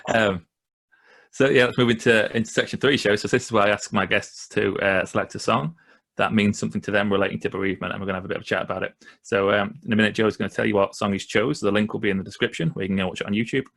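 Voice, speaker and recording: A man's voice: lowish voice, gravelly, fairly bright tone. A man hosting a podcast, asking long rambling questions with lots of fillers. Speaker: podcast host. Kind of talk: casual interview chat.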